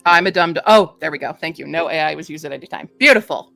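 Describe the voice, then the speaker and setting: A woman's voice: deep voice, fast, gravelly, a bit bright, no room sound, soft background music. A woman hosting a casual book review chat, laughing often and reading blurbs aloud.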